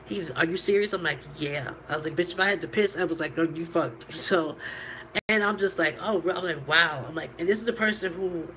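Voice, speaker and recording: A woman's voice: lowish voice, brisk, a bit bright, slight background noise, poor audio. A woman vlogger telling a candid personal story, rambling and profane, laughing between lines.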